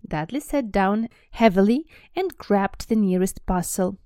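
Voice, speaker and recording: Russian-accented woman, fairly low voice. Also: animated, a little slow, warm tone, no room sound, studio quality. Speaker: English teacher and podcast host. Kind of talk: language lesson with read-aloud.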